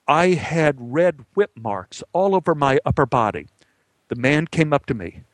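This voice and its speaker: Animated middle-aged male storyteller. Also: no room sound. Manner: animated, voice climbs high when the story gets tense. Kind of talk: comic personal storytelling.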